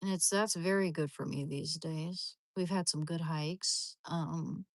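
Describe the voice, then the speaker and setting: Chatty, low-voiced woman streaming. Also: fairly even intonation, a little slow, gravelly, no room sound. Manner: chatty and rambling, with many restarts. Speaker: live streamer. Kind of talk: casual livestream chat.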